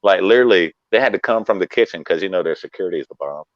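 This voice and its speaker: Low-voiced laid-back male comedian. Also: lively intonation, very fast, dry recording, muffled recording. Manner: laid-back, acts out quoted lines. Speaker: guest comedian. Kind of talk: casual storytelling chat.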